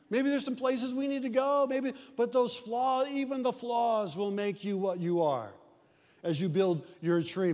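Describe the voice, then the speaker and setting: A man from the US Midwest preaching a sermon in a folksy, conversational way. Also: very high voice. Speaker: pastor. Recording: long hall reverb.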